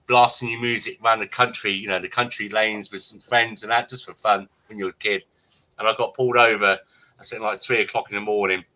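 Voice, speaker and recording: A man's voice: on the low side, low-quality recording. A man with an English accent, co-hosting a casual livestream chat and telling stories animatedly. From England. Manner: animated storytelling with laughs. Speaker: livestream co-host.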